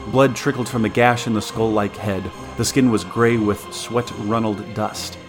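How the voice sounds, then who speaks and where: A man narrating a story aloud as a podcast co-host, steady with occasional stumbles and restarts. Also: fairly low pitch, normal speed, over music.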